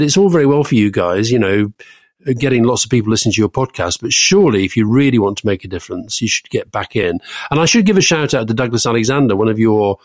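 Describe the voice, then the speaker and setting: A man co-hosting a podcast, giving measured opinions in casual political chat, with frequent stammering restarts. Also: mid-range voice, no room sound, studio quality. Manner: measured, stammering restarts, quick to lift into emphasis. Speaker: podcast co-host.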